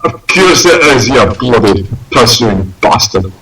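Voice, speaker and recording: A man voicing a grumpy male penguin with a put-on Scottish accent, gruff and quick to hurl insults in an improvised comedy sketch. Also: medium pitch, animated, reverberant, pitched below the performer's own voice, close to an everyday voice. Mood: grumbling, indignant. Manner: gruff, blustering, hurls insults. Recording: distant mic with loud hiss.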